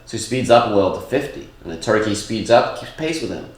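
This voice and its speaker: A man's voice: fairly low pitch, lively intonation, fast. A man co-hosting a comedy podcast, telling jokes in casual chat with many fillers and restarts. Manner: rambling storyteller with many fillers. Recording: echoey room.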